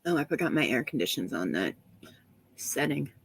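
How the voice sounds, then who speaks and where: A woman's voice: a bass voice, sing-song, brisk, breathy edge, dry recording, low-quality recording. A woman chatting casually on a live stream from home, congested from a head cold, rambling and laughing often as she greets viewers by name. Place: small room at home.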